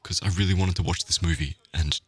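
Guy in a whispered role-play, deep husky voice, flustered and hushed. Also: fairly even intonation, quick pace, dry recording.

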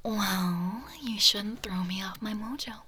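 A woman's voice: medium pitch, steady tone, slow, bright, forceful tone, a little hiss or hum. A young woman performing a girlfriend audio role-play, teasing the listener in a playful, mock-offended way and often dropping into a whisper.

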